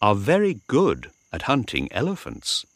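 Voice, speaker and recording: A man narrating a storybook slowly and clearly, paced for learners. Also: on the low side, wildly swooping pitch, fairly bright tone, dry recording. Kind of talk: storybook reading.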